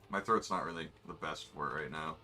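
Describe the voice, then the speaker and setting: This streamer's voice rumbles low, expressive and sharp, moving at an ordinary speed. He offers casual gameplay commentary on his race, drifting into wry, throwaway remarks as he goes.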